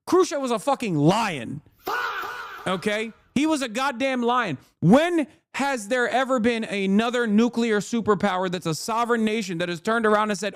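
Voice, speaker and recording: A man's voice: high voice, lively intonation, normal speed, dry recording, clean studio sound. A man in his thirties giving heated, profane political commentary to his chat on a livestream. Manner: ranting, profane, emphatic. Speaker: political streamer.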